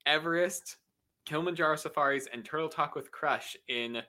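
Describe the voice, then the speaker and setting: A man hosting a podcast chat, his voice bright and forward. He laughs easily and reads long lists aloud in an upbeat, casual way. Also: a little high, normal speed. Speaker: podcast host running a naming game.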